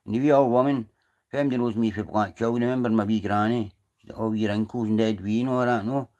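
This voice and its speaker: A man's voice: lowish voice, fairly even intonation, fast talker, a little mellow. A Scottish man chatting casually on a livestream, rambling through a story and swearing freely, sitting outdoors. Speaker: livestream host.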